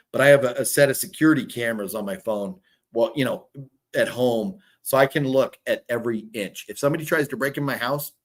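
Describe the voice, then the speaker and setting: A man in his fifties hosting a casual livestream, rambling and swearing as he reads chat comments. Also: medium pitch. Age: 50s. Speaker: livestream host. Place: hotel room.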